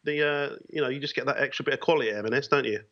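A man's voice: medium pitch, racing, no echo, highs cut off. A man joking and laughing through casual podcast chat as a co-host.

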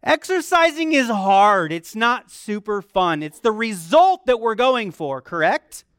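A preacher delivering a sermon in a lively way, firing rhetorical questions at the congregation. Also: medium pitch, unhurried, clean tone, no room sound, studio quality. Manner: acts out quoted complaints in a softer voice.

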